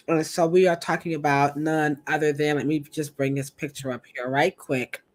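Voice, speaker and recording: A woman co-hosting a hair podcast in a chatty, animated way, turning often to her co-host. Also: low voice. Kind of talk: casual podcast chat.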